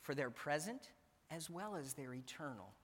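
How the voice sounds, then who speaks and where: A man's voice: fairly high pitch, animated, moderate pace, a bit bright, breathy edge. A man preaching a sermon in an earnest, emphatic way, repeating his key phrases. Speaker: pastor. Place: church sanctuary. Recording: church hall reverb.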